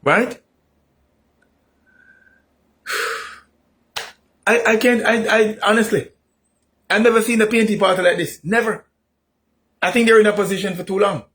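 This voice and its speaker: A man delivering an opinionated political monologue, repeating himself emphatically and rising into shouts. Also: sits high, steady tone, measured pace, pauses often. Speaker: political commentator.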